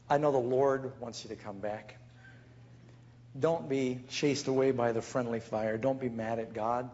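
A man's voice: medium pitch, steady tone, a little slow, a little mellow, lo-fi sound. A man preaching as a pastor, telling stories and acting out the people he quotes. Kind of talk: sermon.

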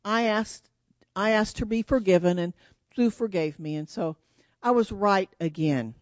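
A woman leading a church children's sermon, telling an animated story and asking the children questions. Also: mid-range voice, measured pace, no room sound, dull audio.

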